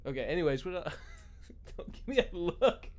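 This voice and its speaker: Playful man, very animated pitch, casual chat. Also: moderate pace, a little hiss or hum. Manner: playful, laughs often.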